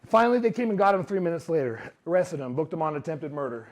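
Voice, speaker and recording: A man giving a motivational talk to a live audience, telling his story in an animated way and acting out what others said. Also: on the high side, fast talker. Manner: animated storyteller who acts out quotes. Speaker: speaker.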